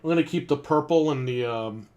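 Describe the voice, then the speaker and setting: A man's voice: fairly high pitch, fairly quick, darkish tone. A man co-hosting a gaming podcast, ranting casually, in a heated and profane way. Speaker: podcast co-host. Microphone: desk microphone.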